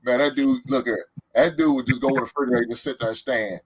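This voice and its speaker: A man's voice: medium pitch, fairly even intonation, fast, background noise. A man in his forties hosting a podcast, chatting casually in a laid-back, repetitive storytelling way with lots of fillers. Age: 40s. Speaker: podcast host. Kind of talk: casual chat.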